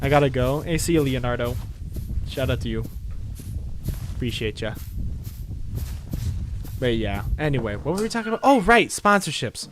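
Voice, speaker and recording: A man's voice: mid-range voice, lively intonation, normal speed, pauses often, slight background noise. A man chatting casually on a game livestream, rambling and apologetic, sounding tired. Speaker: game streamer.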